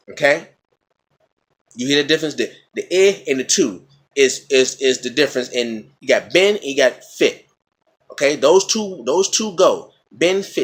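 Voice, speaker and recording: A man with a husky, mid-range voice talks through rhymes like a patient teacher. He repeats example words, stops to ask "okay?", and keeps a casual vlog tone. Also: medium pitch, lively intonation, moderate pace. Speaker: vlogger explaining battle rap. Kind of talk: casual explanatory talk.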